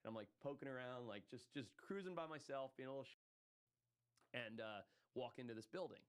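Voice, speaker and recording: A man's voice: medium pitch, fairly quick, smooth. A man from Zimbabwe, a podcast guest telling a rambling story in a casual way, swearing freely and using lots of fillers. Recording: loud music under the voice.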